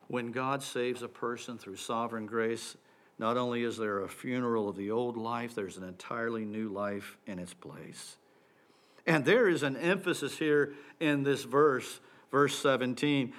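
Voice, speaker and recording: A man's voice: a little high, bright, forceful tone. A man preaching a sermon, emphatic and building to exclamations.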